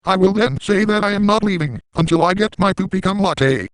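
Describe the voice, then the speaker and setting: A man's voice: high voice, a little fast, smooth, no echo, close to an everyday voice, rough recording. A man voicing a crude, manic cartoon dad in an absurd parody monologue, ranting and making repeated sound-effect noises.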